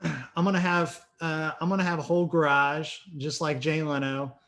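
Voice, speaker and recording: A man's voice: fairly high pitch, fairly even intonation, moderate pace, a bit bright. A man hosting a podcast interview, upbeat, with short enthusiastic reactions. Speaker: podcast host. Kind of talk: casual interview.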